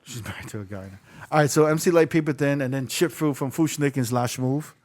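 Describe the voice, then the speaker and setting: A man's voice: medium pitch, brisk, darkish tone. A man co-hosting a podcast in casual chat, joking, swearing and acting out other people's voices. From United States. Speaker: podcast co-host, DJ.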